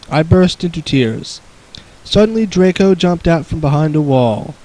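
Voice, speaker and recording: A man's voice: on the high side, expressive, unhurried, warm tone, rough recording. Sarcastic young man reading aloud. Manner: sarcastic, mocking asides. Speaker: host reading a fan story aloud. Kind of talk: comedic dramatic reading with commentary.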